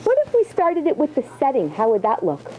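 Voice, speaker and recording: A woman's voice: high-pitched, huge pitch swings, brisk, dark tone, a little hiss or hum, rough recording. A woman teacher leading a writing lesson, asking question after question and encouraging her students. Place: classroom.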